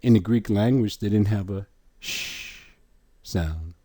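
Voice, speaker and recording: A man's voice: fairly low pitch, warm tone, no echo, studio quality. A man teaching a religious lesson on letters and sounds, emphatic and prone to quizzing his listeners. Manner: slow, emphatic, questioning the listener.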